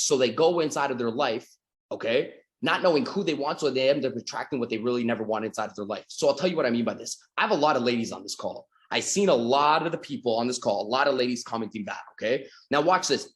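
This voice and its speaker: In a roomy-sounding recording, a man with a mid-range voice gives a motivational sales talk to people online. He's a sales coach from Canada whose animated storytelling includes acted-out dialogues and casual swearing.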